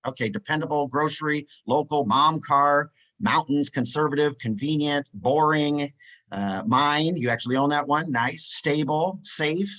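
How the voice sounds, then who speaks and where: A man's voice: on the high side, measured pace, sharp tone, muffled recording. A man presenting a live webinar, upbeat and chatty, reading out chat replies with many "uh" fillers.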